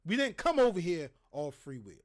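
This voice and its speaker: Man, high-pitched, livestream host, heated profane rant, preachy. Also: sing-song, normal speed. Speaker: show host.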